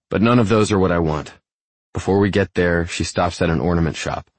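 A man narrating a first-person romance novel in a calm, measured way. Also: rumbling low, dry recording. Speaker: audiobook narrator.

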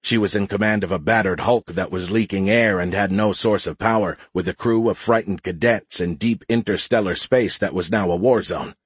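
Husky low-voiced male narrator. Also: normal speed, hardly any pauses, no echo. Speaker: audiobook narrator. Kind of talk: scripted narration.

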